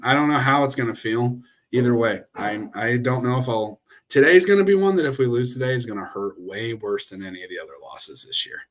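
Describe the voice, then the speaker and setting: A young man talks a little fast in a mid-range voice, hardly pausing at all. As host of a sports live stream, he addresses his webcam directly, ranting and rambling casually with frequent fillers and restarts.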